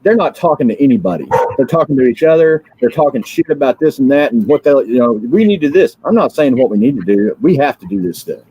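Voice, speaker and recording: A husky-voiced man from the United States hosts a livestream, still drowsy from sleep. He rants in a fiery, repetitive way, stumbling over fillers and restarts. His voice sits at an ordinary middle pitch. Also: sing-song, fast, few pauses, dark tone, dry recording, rough recording. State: drowsy, just woken up. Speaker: livestream host. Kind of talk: rambling political livestream rant.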